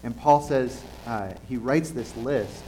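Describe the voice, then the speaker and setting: Brief: male preacher, mid-range voice, earnest and halting delivery, faint noise behind. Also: mid-range voice, dark tone, rough recording. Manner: earnest, halting, with frequent restarts and fillers. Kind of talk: conversational sermon.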